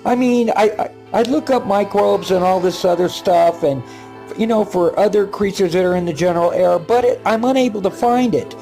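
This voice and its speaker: An older man in a casual vlog, narrating his own video footage in a rambling, halting way, with repeated words and many fillers. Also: high voice, mellow, soft background music. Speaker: paranormal video maker.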